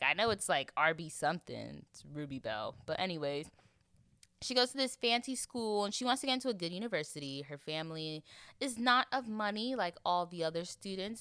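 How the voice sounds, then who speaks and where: Lively, bright-voiced woman host. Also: fairly low pitch, no echo. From Florida. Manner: chatty, animated, playful, acts out voices. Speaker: podcast host. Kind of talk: casual chat monologue.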